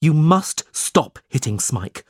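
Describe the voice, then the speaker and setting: A man's voice: fairly high pitch, sing-song, slow pace, dry recording, clean studio sound, voice pushed up, exaggerated voice. A man voicing an earnest young male teacher who speaks up firmly in a storybook reading.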